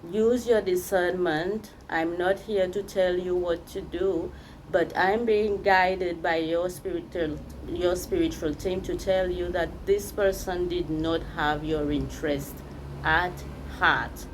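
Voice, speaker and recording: A woman's voice: on the low side, steady tone, slow pace, background noise. A woman giving a spiritual tarot reading, speaking straight to the viewer and repeating phrases for emphasis. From Seychelles. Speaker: tarot reader.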